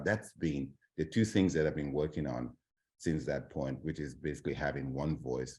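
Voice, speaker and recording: A man with an extremely deep, low voice speaks earnestly as an interview guest. He talks in thoughtful stretches that break into pauses and fillers. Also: darkish tone. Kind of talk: conversational interview chat.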